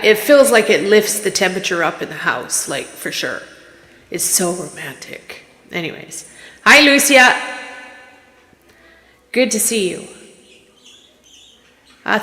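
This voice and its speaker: A woman's voice: fairly low pitch, sharp tone. Rambling woman streaming from an echoey room. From Canada. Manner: rambling, candid, emotional, restarts. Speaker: psychic medium streamer. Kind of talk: casual livestream chat. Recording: echoey room with long reverb.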